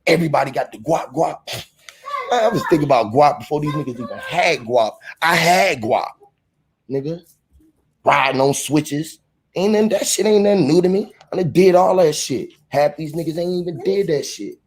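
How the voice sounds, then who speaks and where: High-voiced man ranting boastfully, roomy. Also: lively intonation, moderate pace, vocal fry, distant mic. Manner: boastful, profane, rambling and emphatic. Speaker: vlogger. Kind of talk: casual rant to camera. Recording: roomy echo, off-mic.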